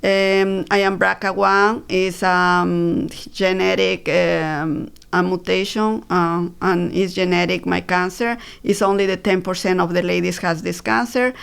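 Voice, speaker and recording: A woman, telling her personal story as an interview guest, halting with many fillers and restarts. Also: lowish voice, steady tone, vocal fry, clear, resonant tone. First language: Spanish.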